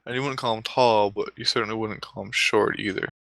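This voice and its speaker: A man telling a comic story in a deliberate way, with dramatic pauses and asides. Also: fairly low pitch, fairly even intonation, gravelly, a bit bright, no room sound.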